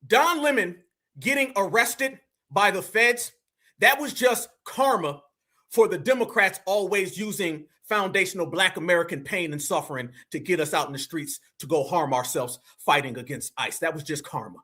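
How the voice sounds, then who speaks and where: A man's voice: high-pitched, normal speed, sharp tone. A man giving an impassioned political commentary monologue, emphatic and repetitive, often speaking straight to his listeners as family.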